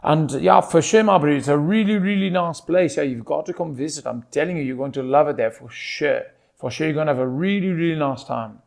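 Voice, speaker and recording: An easygoing South African man from Pretoria, as a man puts on the accent. He drawls along in a laid-back way and keeps circling back to stock phrases. The voice sits a little high. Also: fairly quick, gravelly, a little mellow. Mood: homesick.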